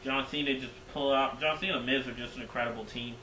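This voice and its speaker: A man reviewing a wrestling show in casual recap style, excitable and rambling, repeating himself. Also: medium pitch, fast talker, roomy sound, slight background noise, rough recording.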